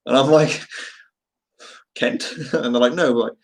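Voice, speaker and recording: A steady-toned man with a medium-pitched voice talks a little fast to his live-stream viewers in a Birmingham accent from England. The chat is casual, full of rambling, jokes, and fillers, in a low-quality recording.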